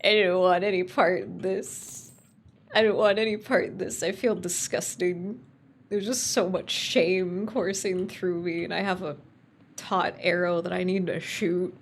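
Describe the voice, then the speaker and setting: A young woman streaming a video game, chatting casually in a playful, giggly, expressive way and swearing now and then. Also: fairly low pitch, measured pace, slight background noise.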